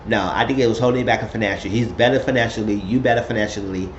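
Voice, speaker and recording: A man recapping a reality show episode in casual, gossipy storytelling. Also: rapid-fire. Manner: chatty storytelling, puts on high voices quoting people. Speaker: recap vlogger. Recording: roomy, dull lo-fi sound with faint hiss.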